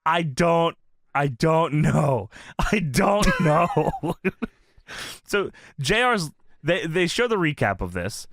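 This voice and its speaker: A man's voice: a little high, slow pace, no echo, clean studio sound. A man co-hosting a wrestling podcast, recapping an old episode in a casual, joking way and acting out the quotes. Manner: animated, laughing, acting out quotes.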